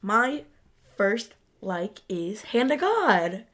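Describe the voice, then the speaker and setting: A woman's voice: medium pitch, big pitch swings, drawn-out words, a bit bright. A woman co-hosting a casual podcast chat who laughs often and acts out quotes. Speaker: podcast co-host. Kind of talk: casual chat recapping a TV episode.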